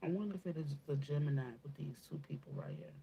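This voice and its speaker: A woman's voice: sits low, fast talker, gravelly, dark tone, a little hiss or hum. Blunt, casual woman giving a spiritual reading. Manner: casual and blunt, swears, calls listeners baby; emphatic, repeats and asks "okay?". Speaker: spiritual reader. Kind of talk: channeled spiritual reading to viewers.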